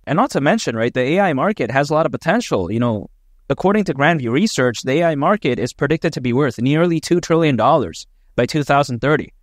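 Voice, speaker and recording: A man's voice: mid-range voice, no echo, clean studio sound. A man hosting his own crypto vlog, talking in a chatty, emphatic way with lots of "you know". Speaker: crypto channel host. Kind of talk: casual opinion vlog.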